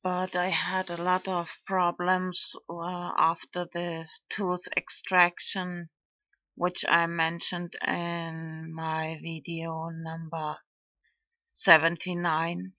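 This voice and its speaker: Woman, vlog commentary, hesitant with fillers, dry close sound, low pitch. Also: completely flat delivery, bright, forceful tone, dry recording, dull audio. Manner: halting, hesitant, trailing off with fillers. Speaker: video blogger.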